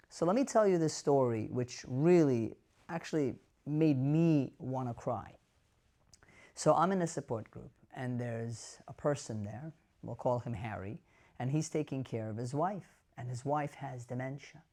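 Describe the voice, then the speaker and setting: Casting note: man, doctor, earnest storyteller to camera, mid-range pitch, talks to viewers directly. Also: lively intonation, moderate pace, a little mellow. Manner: earnest, asks viewers rhetorical questions. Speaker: dementia care physician.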